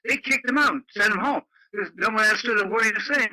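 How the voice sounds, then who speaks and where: A man's voice: high voice, fast, sharp tone, dry recording, rough recording. An older man from Canada chatting bluntly on a radio net, laughing often and using lots of fillers. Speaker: radio club member. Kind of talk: casual radio chat. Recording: dry radio audio.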